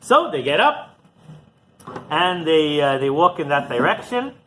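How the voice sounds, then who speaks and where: A rabbi with a high, bright voice tells a story to his listeners, and his pitch swings widely as he acts out each exchange. A faint ambience sits behind him. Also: measured pace, slight background noise, low-quality recording. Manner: animated storyteller, acting out dialogue. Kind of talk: storytelling lesson.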